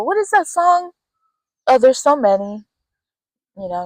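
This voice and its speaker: A woman's voice: high voice, a little slow, long pauses, dry recording, rough recording. A woman giving an intuitive spiritual reading, talking straight to the listener and acting out the quoted voices as she goes. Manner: animated, acts out quoted voices. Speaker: tarot reader.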